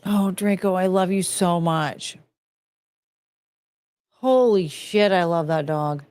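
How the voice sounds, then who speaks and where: Young woman streamer, slow drawn out talk, gushy and cooing, super dry close sound. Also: lowish voice, a little mellow, clear, resonant tone, dry recording. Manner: gushing, cooing at pictures of dogs. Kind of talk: casual live-stream chat.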